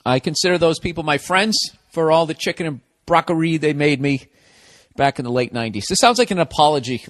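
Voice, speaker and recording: A middle-aged man hosting his own podcast, talking in a casual solo monologue full of profane, animated ranting. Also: high voice. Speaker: podcast host.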